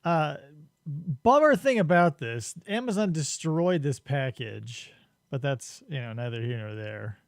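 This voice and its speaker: A man hosts a live stream in loose, joking banter, chuckling between lines. His voice sits a little high for a man. The sound is dry and close, with no room around it. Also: animated, unhurried, no echo. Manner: laid-back, joking, laughs often. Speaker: podcast host. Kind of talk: casual chat before a live stream.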